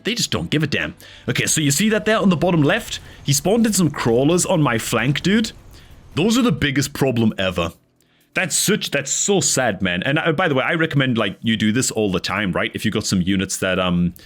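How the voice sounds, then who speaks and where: A man giving casual, animated commentary over his own strategy game match, chatty and frustrated at his misplays, dropping "dude" and "man" constantly. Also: mid-range voice. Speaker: gameplay commentator.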